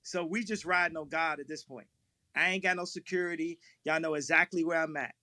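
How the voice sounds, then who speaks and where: A man's voice: fairly high pitch, steady tone, fairly quick, sharp tone, no room sound, studio quality. A man talking as an interview guest in a live audio chat room, rambling and emphatic, often repeating himself.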